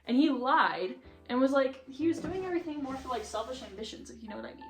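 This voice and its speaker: A woman's voice: sits high, animated, quick pace, few pauses. A young woman vlogger chatting casually and with strong opinions, filling her talk with "like", while she reorganizes a bookshelf at home. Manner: chatty, heavy use of "like", opinionated rants. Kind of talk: casual chat. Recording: roomy echo, faint music behind.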